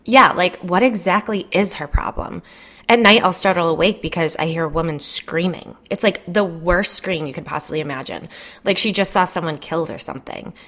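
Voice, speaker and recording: A woman's voice: on the low side, fairly quick, fairly bright tone. Jen, a woman playing a frazzled, gossipy suburban mom. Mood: complaining. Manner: agitated, complaining, swears, fillers like "like". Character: stressed, gossipy suburban mother, adult woman.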